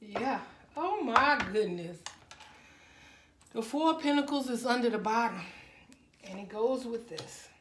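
A woman's voice: a little high, animated, measured pace, pauses often, echoey room, background noise. A woman giving a casual tarot reading straight to her viewers, emotional and full of exclamations. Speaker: tarot reader.

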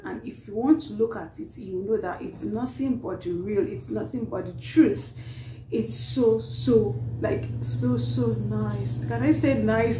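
A woman hosting a reaction vlog, tearful after crying, talking in an apologetic, halting way full of "like". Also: a little high. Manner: apologetic, halting, heavy use of "like". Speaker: reaction video host. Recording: echoey room with faint noise.

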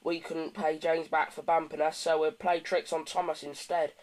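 Sneaky grumbly trucks plotting tricks, a guy doing the voice, bit higher than usual. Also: flat delivery, moderate pace, natural voice. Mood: scheming. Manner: sneering, mischievous. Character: grumbling spiteful freight trucks.

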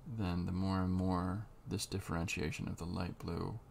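Deep-voiced guy with a gravelly edge, rambling slowly through his drawing steps, faint hiss behind. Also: steady tone, darkish tone. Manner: unhurried, halting, muses as he works. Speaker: comic artist drawing on camera. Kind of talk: thinking-aloud drawing tutorial.

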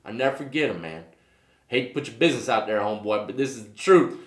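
A man's voice: medium pitch, animated, fast. Man, vlog host telling prison stories, street slang, keeps asking "you know what I mean", roomy echo. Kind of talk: casual storytelling to camera.

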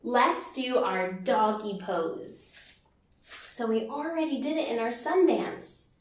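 A woman teaching a yoga class for small children, guiding them in a slow, gentle and playful way, with sung lines and animal sounds. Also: fairly high pitch, lively intonation, reverberant, far from the mic.

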